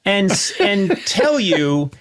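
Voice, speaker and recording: A man with a fairly high, animated voice talks slowly in a casual conversation. He stops and restarts his thoughts, weighing each word reflectively. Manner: slow, halting and reflective, with many restarts. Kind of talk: casual conversation about comedy.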